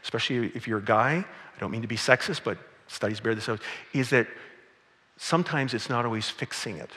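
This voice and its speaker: A middle-aged man preaching to his congregation in a bright, forceful voice. He talks in a loose, conversational way and tells stories along the way. A long reverb from the big church hall trails behind him. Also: mid-range voice, brisk. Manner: conversational, storytelling, with playful acted quotes. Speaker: pastor. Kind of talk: sermon. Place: church sanctuary.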